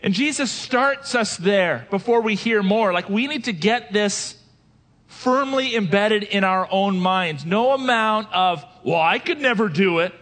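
A man preaching a sermon as pastor, animated, asking his listeners questions and acting out quoted voices. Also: high voice, measured pace.

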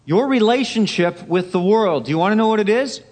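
A man preaching a Sunday sermon, emphatic, repeating key phrases and dropping to a hush for effect. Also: high voice, animated, brisk. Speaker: pastor.

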